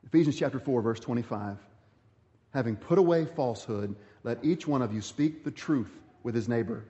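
A man's voice: medium pitch, normal speed, mellow, long reverb tail, dull audio. A pastor giving a sermon, reading scripture aloud and stressing his points through repetition.

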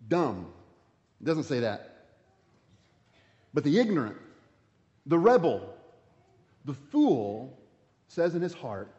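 Preaching man in a reverberant church. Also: mid-range voice. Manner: preaching with swings between loud emphasis and quiet intensity. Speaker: pastor. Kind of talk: sermon. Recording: dull sound with long hall reverb.

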